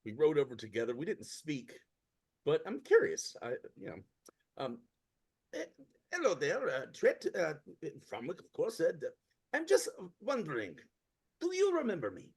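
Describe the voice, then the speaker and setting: A man voicing a short, chatty older man in a tabletop role-play, rambling and stammering with oddly ordered phrases in a creaky, husky voice. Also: fairly high pitch, huge pitch swings, moderate pace, a little mellow, full character voice. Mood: curious, chatty.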